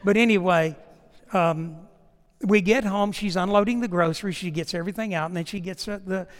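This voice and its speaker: A man's voice: high-pitched, a little fast. A male pastor, preaching a sermon through folksy, humorous storytelling that turns into earnest appeals. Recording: long hall reverb.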